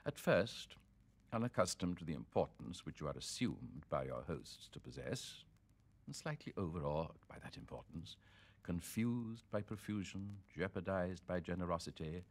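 A deep, low-pitched man reciting literary prose with theatrical flair. His delivery is sonorous and swells from hush to boom. Every phrase is shaped for performance. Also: expressive, moderate pace. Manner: theatrical, sonorous, sweeping swings of loudness. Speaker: reader. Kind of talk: dramatic reading of literary prose.

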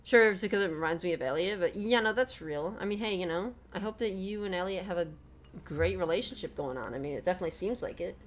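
A woman's voice: lowish voice, fast talker, a little hiss or hum. A young woman streaming a video game, chatting candidly and rambling as she answers her chat, swearing freely. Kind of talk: casual gameplay stream chat.

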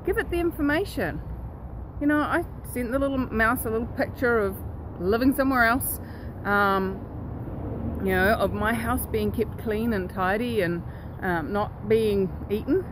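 A woman hosting her own self-help vlog, telling a story in a lively, earnest and direct way. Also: on the high side, measured pace, background noise. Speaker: host.

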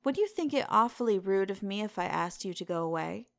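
A woman's voice: mid-range voice, lively intonation, brisk, gravelly. A woman reading the lines of an earnest, worried male painter in a storybook reading, in an earnest, slightly fretful way.

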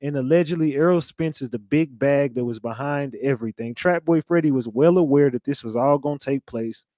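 A man's voice: medium pitch, a little fast, dark tone, dry recording, clean studio sound. A man hosting a commentary show, rambling in casual slang with lots of fillers. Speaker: host.

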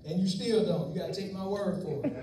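High-voiced preacher in an echoey church. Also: male voice, animated, moderate pace, mellow, slight background noise. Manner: folksy, joking asides to the congregation. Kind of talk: sermon. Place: church sanctuary. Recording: echoey room, voice from far off mic.

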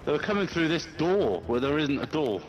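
High-voiced man joking through a co-op game. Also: sing-song, highs cut off. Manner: joking, quick to panic and shout. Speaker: co-op gamer. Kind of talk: casual gameplay chat.

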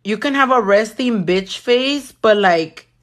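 A woman's voice: mid-range voice, animated, a little slow. A young woman doing her nails while chatting with live viewers, blunt and sassy, swearing often. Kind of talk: casual chat with live viewers.

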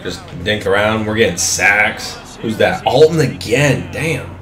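A young man giving live, excitable commentary on his own football video game, swearing freely and talking at the screen. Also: on the low side, unhurried, echoey room. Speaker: gaming commentator.

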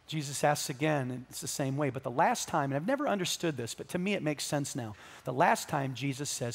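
A male pastor with a Southern Californian accent preaching a sermon in a large church, swinging between loud, fervent stretches and soft, hushed ones. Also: mid-range voice, animated, fairly quick, slightly rough. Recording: echoey church hall with long reverb.

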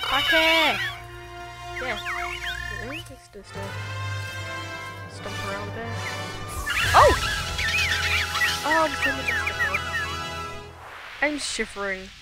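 A woman giving chatty, excitable, giggly commentary while she plays a video game. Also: fairly high pitch. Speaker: gaming channel host. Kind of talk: let's play commentary.

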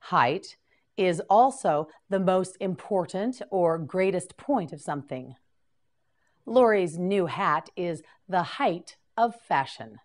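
A woman teaching English vocabulary in a slow scripted lesson, patiently repeating each word for learners to copy. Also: fairly low pitch, expressive.

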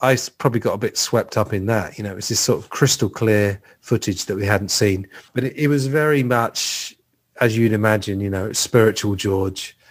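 Man, podcast host, fairly low voice, chatty, rambling, casual conversation. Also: normal speed. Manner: chatty, thinks aloud with many fillers.

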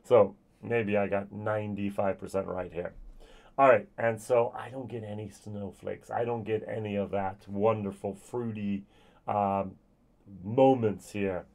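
A man's voice: fairly low pitch, steady tone, a little slow, vocal fry, a little mellow. A man giving a casual spoken whisky tasting review, chatty and thinking aloud with frequent ums and restarts. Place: lives in Germany.

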